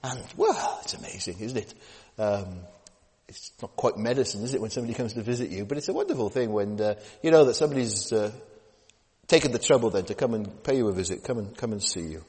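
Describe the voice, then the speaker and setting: A male preacher gives a conversational sermon in a church hall, and his voice echoes with a long reverb. His pitch moves in a lively, animated way as he speaks. He stumbles and restarts often and keeps checking in with his listeners through tag questions. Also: fast.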